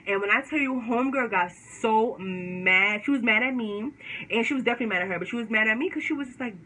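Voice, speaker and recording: A woman vlogger telling a storytime to her viewers in slangy, animated casual talk. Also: mid-range voice, a little fast, slight background noise, low-quality recording.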